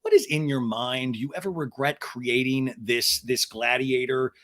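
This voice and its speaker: A man's voice: medium pitch, unhurried, a bit bright. A man hosting a podcast, giving comedic recap commentary in a sarcastic, profane way. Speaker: podcast host.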